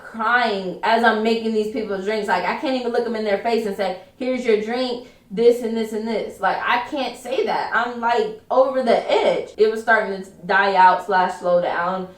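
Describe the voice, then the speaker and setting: A young woman telling a personal story in a vlog, quick and emphatic, acting out what people said. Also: on the high side. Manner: fast, emphatic retelling with acted quotes. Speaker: vlogger. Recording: roomy echo, mic at a distance.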